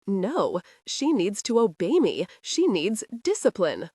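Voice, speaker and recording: A woman's voice: medium pitch, wildly swooping pitch, takes it slowly, darkish tone, dry recording, exaggerated voice. A woman narrator voicing a petulant, entitled young man who whines and pities himself in a romance audiobook. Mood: whiny. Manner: whining, self-pitying.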